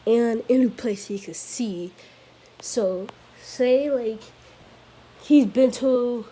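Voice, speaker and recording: Mellow-voiced woman rambling through a story. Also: fairly high pitch, slightly rough. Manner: rambling, self-correcting, with fillers and giggles. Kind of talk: improvised fan-fiction storytelling.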